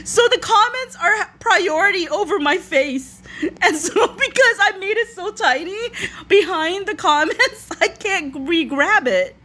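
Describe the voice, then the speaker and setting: A woman's voice: very high-pitched, lively intonation, a little slow, bright, forceful tone. A woman hosting a casual live stream from her phone, laughing to tears while reading viewer comments aloud. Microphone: phone front camera.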